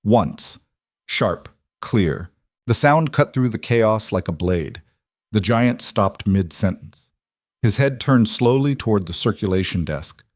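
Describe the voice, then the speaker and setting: Man, dramatic scripted narration, deep voice, dry recording. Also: darkish tone, no room sound. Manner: dramatic, suspenseful storytelling.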